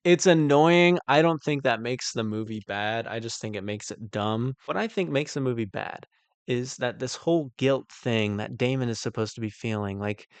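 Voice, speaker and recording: A man reviewing a movie in a casual monologue, ranting with exasperation and then calmly breaking down shot composition, full of "like" and "um". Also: medium pitch, moderate pace, clean tone, no echo. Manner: exasperated ranting, heavy use of "like" and "um"; calmer, analytical when breaking down shots. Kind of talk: casual film critique monologue.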